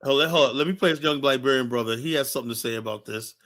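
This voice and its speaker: A man hosting a streamed talk, telling stories in an animated way as he sets up a clip. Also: medium pitch, racing. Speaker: podcast host.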